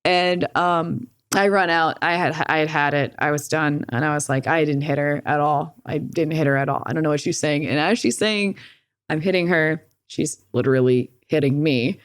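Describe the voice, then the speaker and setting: A woman's voice: low voice, moderate pace, no echo, clean studio sound. A young woman telling a personal story in casual interview talk, candid and swearing often, with lots of "like". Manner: candid, profane, animated retelling with frequent "like". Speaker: podcast guest.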